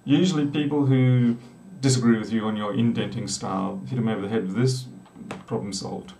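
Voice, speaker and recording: A middle-aged Australian man from South Australia, a programmer live-streaming, chats casually while live coding, rambling and tossing in jokes. His voice sits on the low side with a steady tone, a slightly fast pace, creak, and a dark color, with a little hiss or hum. He's in a small room with a door, picked up by a distant mic in an echoey space.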